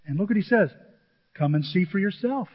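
A pastor preaching a lively sermon to his church, acting out quotes in different voices. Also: high voice, a little fast, breathy edge. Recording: dull lo-fi sound with long hall reverb.

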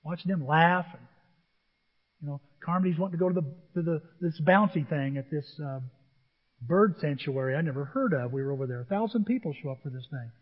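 An older man preaching a sermon, telling stories with animated acted-out voices. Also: fairly high pitch, brisk. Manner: animated storytelling, acts out voices. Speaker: pastor. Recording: dull lo-fi audio with hall reverb.

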